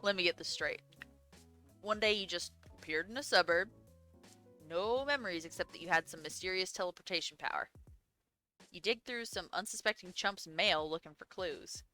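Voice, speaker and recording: A woman voicing a cool, deadpan young man who talks in a laid-back, profane, bluntly sarcastic way while reading a game's lines aloud. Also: lowish voice, moderate pace, soft background music. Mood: incredulous.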